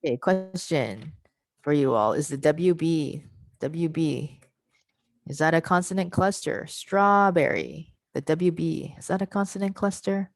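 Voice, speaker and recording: This woman leads a teacher workshop on pronunciation online, breaking words into parts and voicing them slowly with patient explanations on a video call. She sits low with a darkish tone, and no room sound comes through.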